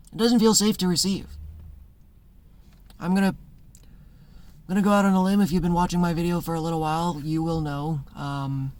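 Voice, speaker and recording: A man's voice: fairly high pitch, darkish tone. A man casually talking to camera from his notes, rambling and conversational, acting out little voices in his stories. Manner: acts out voices in anecdotes, laughs often. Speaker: spiritual content creator. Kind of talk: casual monologue.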